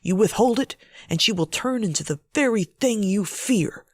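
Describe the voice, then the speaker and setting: A woman voicing a weary husband who pleads in a low, hushed voice to protect a frightened little girl. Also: sing-song, a little slow, vocal fry, husky, no room sound, exaggerated voice. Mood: hushed, pleading.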